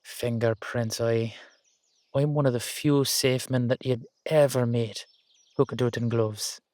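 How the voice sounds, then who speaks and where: A man's voice: medium pitch, steady tone, a little slow, a little mellow, dry recording, close to an everyday voice. A man voicing a wary older Irish uncle, a retired safecracker, with a sly, teasing drawl. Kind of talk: audio drama acting.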